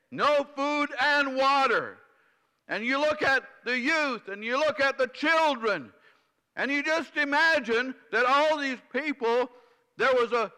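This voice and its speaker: A man's voice: very high voice, sharp tone. A man preaching a sermon, often putting questions to his congregation and repeating phrases for emphasis. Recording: long reverb from a large hall.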